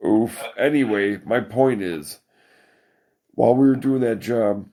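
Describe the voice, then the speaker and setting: A man's voice: lowish voice, measured pace, dark tone. A podcast host, a man, rambling through a profane, laugh-filled story in casual chat.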